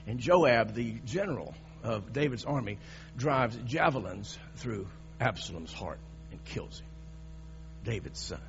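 A man's voice: mid-range voice, animated, measured pace. A man preaching a sermon in an emphatic, dramatic way, often restarting his sentences. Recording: dull recording with mains hum.

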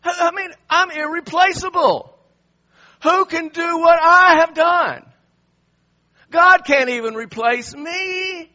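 A man voicing a proud, arrogant male king who boasts in a swelling, drawn-out way. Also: very high voice, pushed and bright, dull audio, voice pushed up, exaggerated voice. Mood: boastful.

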